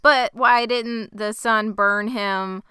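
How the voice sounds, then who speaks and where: A woman's voice: on the high side, steady tone, takes it slowly, pushed and bright, smooth, no echo, clean studio sound. A woman co-hosting a podcast, recapping a TV episode in a wry, joking, casual chat. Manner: wry, jokey, questioning. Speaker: podcast co-host.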